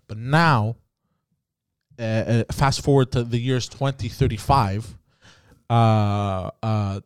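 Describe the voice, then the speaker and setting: A man's voice: medium pitch, clean tone, no room sound. A man, a podcast host telling crude, rambling stories in casual chat.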